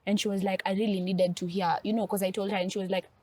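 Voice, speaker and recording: A young woman on a podcast, telling a personal story in a lively, chatty way with lots of fillers. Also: medium pitch, fast talker. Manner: animated storytelling, frequent "like". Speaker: podcast guest. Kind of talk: casual conversation about grief. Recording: faint background noise.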